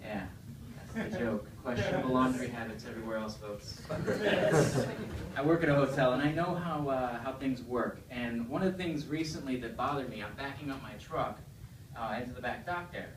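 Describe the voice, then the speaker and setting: A man's voice: mid-range voice, lively intonation, moderate pace. Echoey stand-up comedian man. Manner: conversational, asks the crowd questions. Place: comedy club stage. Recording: echoey room, distant mic, faint noise.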